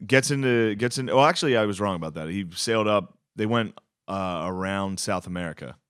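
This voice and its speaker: A man from Pennsylvania guesting on a comedy podcast. He tells a story casually, with a fairly low voice, lots of swearing and trailing phrases. The sound is dry and close. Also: a little fast, fairly bright tone, clean tone, no room sound. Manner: laid-back, profane, trailing off.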